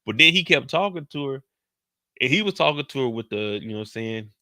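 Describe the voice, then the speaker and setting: In a studio-quality, dry recording, a recap host with a mid-range voice narrates a TV show like a story. Heavy slang and animated put-on voices bring the characters' lines to life, at a slower pace than his live streams.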